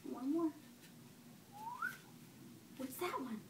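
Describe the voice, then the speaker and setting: A woman's voice: high voice, extremely slow. A young woman reading a picture book aloud to her toddler at home, asking patient, encouraging questions. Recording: echoey room with faint background noise.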